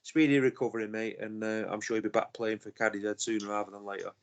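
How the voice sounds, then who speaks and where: A man's voice: lowish voice, steady tone, quick pace, gravelly, a little hiss or hum. A man co-hosting a casual podcast, telling a personal story and chuckling his way through it. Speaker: podcast co-host.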